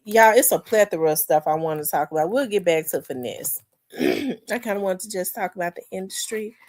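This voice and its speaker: A woman in her forties hosting a casual livestream, rambling with fillers and restarts, talking to viewers as y'all, congested and clearing her throat. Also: fairly low pitch, animated, fairly quick, a little mellow. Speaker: livestream host. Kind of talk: casual livestream commentary, reading chat.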